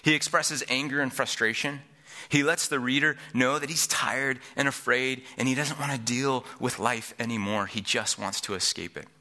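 A man's voice: medium pitch, steady tone, moderate pace, bright, forceful tone. A middle-aged man preaching a sermon as pastor, earnest, repeating each point for emphasis.

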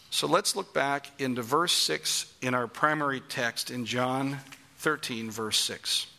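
Man, preacher, sermon, emphatic, questioning, bright tone. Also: mid-range voice, gravelly. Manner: emphatic, asks the congregation questions.

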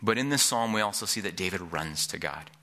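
A man's voice: deep voice, expressive, brisk, sharp tone. A middle-aged man preaching a sermon as pastor, earnest, repeating each point for emphasis.

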